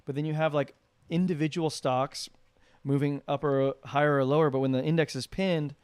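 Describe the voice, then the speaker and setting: A man's voice: fairly high pitch, fairly even intonation, normal speed, darkish tone, clear, resonant tone, dry recording. Rambling casual podcast co-host man. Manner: rambling, filler-heavy, restarts often. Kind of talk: casual chat.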